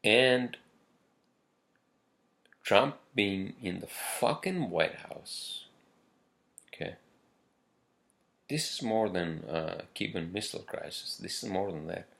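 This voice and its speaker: Low growly guy ranting, slow drawl, swears nonstop, rambles all over. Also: creaky, a bit bright. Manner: profane, rambling, emphatic. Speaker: podcast host. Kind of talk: casual ranting monologue.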